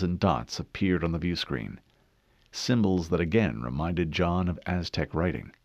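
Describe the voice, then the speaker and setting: A man narrating an audiobook in a steady, measured way. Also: sits low, vocal fry, dry recording. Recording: dull dry studio read.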